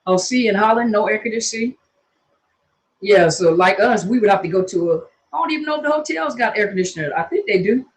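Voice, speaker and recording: A woman counselor from Washington state chatting casually on a phone livestream from her hot home, greeting viewers by name in loose colloquial talk. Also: mid-range voice. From Washington state, USA. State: hot and sweaty.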